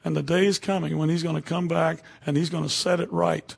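A man's voice: a little high, flat delivery, fairly quick, creaky, breathy edge. A man preaching a sermon to a room of people, talking conversationally and checking in with "okay?" and "you know" as he goes.

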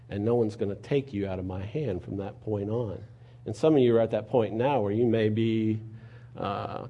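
A man preaching a sermon in a conversational way, asking rhetorical questions and moving between quiet and loud delivery. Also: on the low side. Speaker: pastor.

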